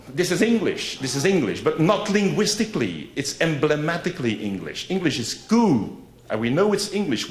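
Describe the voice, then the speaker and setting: A man gives a conference lecture in a loose, conversational way. He keeps checking in with his listeners and repeats his key points for weight. His voice carries a roomy echo from the hall. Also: medium pitch. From Belgium. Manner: conversational, frequent "right?" and "eh?" asides, emphatic repetition. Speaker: academic lecturer. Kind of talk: academic conference talk.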